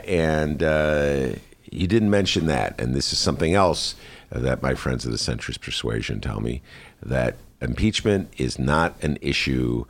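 Very deep, husky male interviewer. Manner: rambling, many "uh" fillers and restarts. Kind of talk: political interview.

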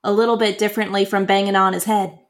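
A woman player chatting casually in a tabletop game, joking and quick with banter. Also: mid-range voice, flat delivery.

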